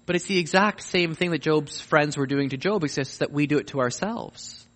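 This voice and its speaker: A man preaching a sermon, swinging between hushed, reflective passages and emphatic, rising appeals. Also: on the high side, normal speed, big-room sound. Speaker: pastor.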